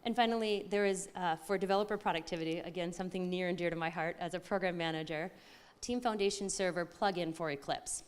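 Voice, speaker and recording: A woman speaks at a tech conference with a slightly low, excited voice. She talks in a chatty way and often stops to correct herself. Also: fast, few pauses, smooth. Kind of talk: live conference talk.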